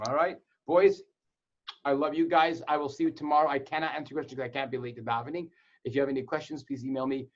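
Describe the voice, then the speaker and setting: Male teacher, mid-pitched, playful jokester and storyteller, muffled lo-fi online audio. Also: steady tone, quick pace. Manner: playful joke-telling storyteller. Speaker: Torah teacher to boys. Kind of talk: casual online class with jokes. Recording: dull lo-fi sound.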